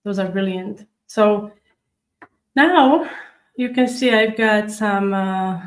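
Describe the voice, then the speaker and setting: A woman's voice: mid-range voice, fairly even intonation, measured pace, rough recording. A woman hosting a live cookie-decorating stream, chatting with viewers and explaining each step as she works. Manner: chatty, demonstrates step by step while reading viewer comments. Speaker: cookie decorating livestream host. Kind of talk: live tutorial chat.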